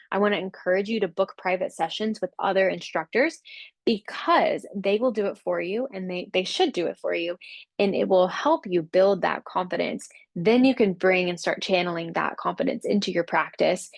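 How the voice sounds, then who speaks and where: A woman's voice: lowish voice, normal speed, creaky, no echo. Upbeat woman coaching fitness instructors. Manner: upbeat, encouraging, acts out client quotes. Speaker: Pilates business coach. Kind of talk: casual instructional talk.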